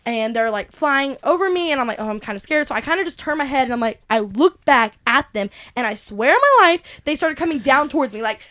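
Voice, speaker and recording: A young woman, co-hosting a casual podcast and telling an animated story between frequent laughs. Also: high voice, fairly quick, few pauses. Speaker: podcast co-host. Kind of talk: casual chat.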